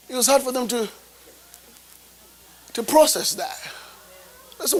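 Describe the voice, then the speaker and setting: A man's voice: very high-pitched, animated, a little slow, long pauses, a bit bright, poor audio. A man preaching a sermon as a bishop, emphatic, tossing rhetorical questions at the congregation.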